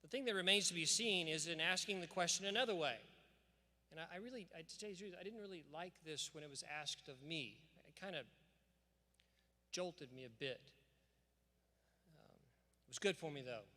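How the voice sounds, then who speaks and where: In a large church sanctuary, a man delivers an earnest, emphatic commencement address with scripture readings, in a preacherly cadence. His voice is fairly high, bright and forceful, brisk with long pauses, and the big hall adds long reverb.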